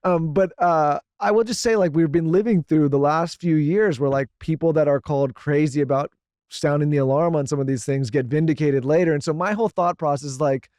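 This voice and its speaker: A man's voice: on the high side, a little mellow, no echo, clean studio sound. A man co-hosting a podcast, talking casually in a rambling way with lots of fillers. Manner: rambling, fast, many fillers. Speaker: podcast co-host.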